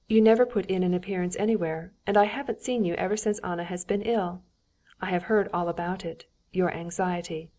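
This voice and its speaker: A woman voicing a fashionable high-society princess who speaks in an affable, ironic, persuasive manner, in an audiobook. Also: steady tone, a little fast, warm tone, natural voice.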